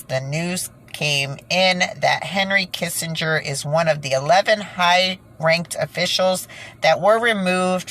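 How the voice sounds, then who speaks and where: A woman's voice: low-pitched, fairly bright tone, rough recording. A woman ranting indignantly in a casual monologue to her viewers, breaking off with sighs and nervous laughs. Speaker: vlogger.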